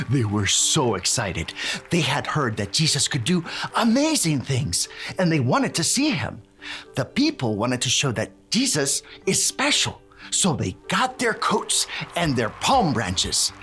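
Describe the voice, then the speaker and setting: A man's voice: a little high, a bit bright, heavily acted. A man playing a cheerful handyman who leads children in call-and-response cheering and drops Spanish words. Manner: bouncy, call-and-response with kids, bursts of cheering. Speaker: children's ministry presenter.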